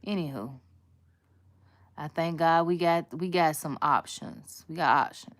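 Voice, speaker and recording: A woman's voice: low voice, unhurried. A woman, chatting casually to viewers as she does a nail tutorial. She talks in a sassy, slangy way. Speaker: nail content creator.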